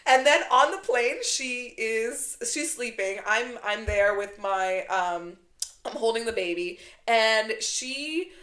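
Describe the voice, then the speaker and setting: A woman in her thirties co-hosting a podcast, telling funny stories with lively acted-out quotes in casual chat. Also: on the high side, slow, reverberant. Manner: animated storyteller, acts out quotes. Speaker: podcast co-host.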